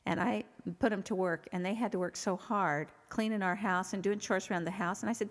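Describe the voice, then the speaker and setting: A woman's voice: medium pitch, fairly quick, hardly any pauses. A middle-aged woman giving parenting advice in a conversational way, sharing personal stories and often restarting her sentences. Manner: earnest, rambling with frequent restarts. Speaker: parenting expert guest. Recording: reverberant hall with faint music.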